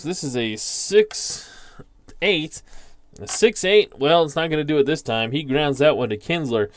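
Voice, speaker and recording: A man calling play-by-play for a tabletop baseball simulation, slowly reading out dice rolls and player stats. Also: medium pitch, no room sound. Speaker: league commissioner calling a tabletop baseball sim. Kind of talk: play-by-play commentary.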